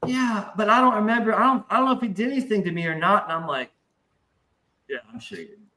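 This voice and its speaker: A man telling a long anecdote in casual podcast talk, profane and animated, acting out the voices in his story. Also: high voice, rapid-fire, poor audio.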